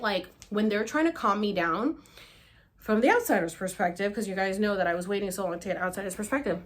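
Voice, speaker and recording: A woman vlogger with a mid-range voice tells a story to the camera, casual and animated, swearing freely and acting out her own cries and gasps.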